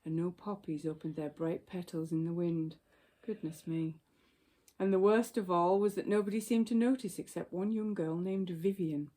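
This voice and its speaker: A woman reads a children's story aloud in a gentle, unhurried way. Her voice sits low and sounds mellow and warm. The delivery stays calm and measured from line to line.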